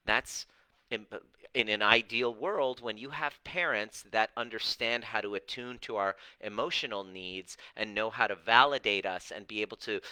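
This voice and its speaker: A middle-aged man talking straight to viewers as a coach, animated and emphatic. He slows down on key words to drive them home. His voice is bright and forceful, recorded close and dry. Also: on the low side, dry recording, poor audio. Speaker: personal growth coach. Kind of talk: direct-to-camera coaching talk.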